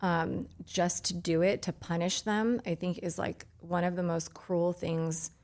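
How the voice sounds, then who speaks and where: Woman hosting a podcast, 30s, earnest and halting, lots of restarts, casual heartfelt chat. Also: on the low side, steady tone, darkish tone. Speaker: podcast host.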